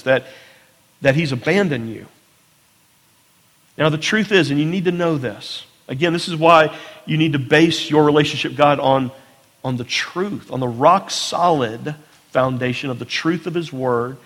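A man's voice: a little high, a bit bright. A pastor preaching a sermon in an earnest way, often repeating words as he starts a phrase. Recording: long hall reverb.

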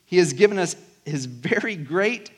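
A man's voice: high voice, lively intonation, moderate pace, breathy edge. A pastor from South Georgia with a Southern accent, preaching a conversational sermon to his congregation. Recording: long hall reverb.

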